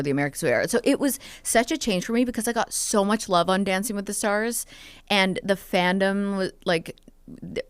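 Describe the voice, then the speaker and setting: A woman's voice: medium pitch, clear, resonant tone, no echo. A woman in her thirties, a podcast guest, chatting openly and telling personal stories with many "like"s and "um"s. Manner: open, storytelling, lots of "like" and "um". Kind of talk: casual podcast chat.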